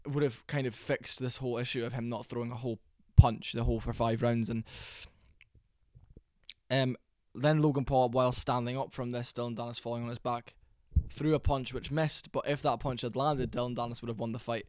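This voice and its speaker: A young man giving a casual, rambling reaction commentary, tired and low on energy, with fillers and swearing. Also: level tone, brisk, no room sound, studio quality. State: sleepy, worn out. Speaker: MMA reaction channel host.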